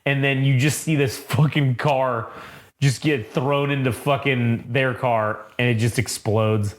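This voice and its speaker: A young man co-hosting a comic book podcast, talking casually and excitedly, swearing a lot and acting out the lines. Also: medium pitch, unhurried. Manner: profane, excitable, acts out quotes. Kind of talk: casual comic review chat.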